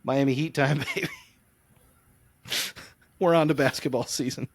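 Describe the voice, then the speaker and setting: Guy rambling animated on a sports podcast, mid pitch, dry close mic. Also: normal speed, no echo. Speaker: podcast co-host. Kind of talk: casual sports chat.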